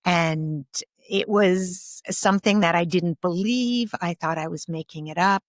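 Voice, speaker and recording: A woman guest on a podcast speaking softly and thoughtfully in reflective conversation, pausing often with ums. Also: lowish voice, no echo, studio quality. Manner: soft-spoken, thoughtful, with frequent pauses and ums. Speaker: guest, grief and ancestral healer.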